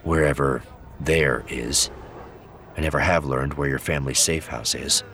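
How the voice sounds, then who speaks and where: A young male leader speaks dryly, with understated sarcasm, voiced by a male reader. The voice is very deep and even. It stays low-key. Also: normal speed, a little hiss or hum, heavily acted. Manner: dry, sarcastic. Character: dry, sarcastic young male head of state.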